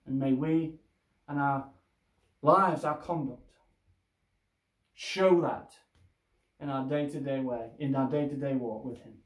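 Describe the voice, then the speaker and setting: A man preaching a sermon as pastor, slow and deliberate, pressing his listeners with rhetorical questions. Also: mid-range voice, roomy sound.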